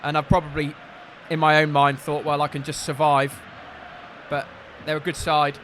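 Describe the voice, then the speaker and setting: A man's voice: on the high side, monotone, moderate pace, a bit bright, slight background noise. Candid man commentating his football game. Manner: frank, swears when frustrated. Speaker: gaming content creator. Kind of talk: casual live gameplay commentary.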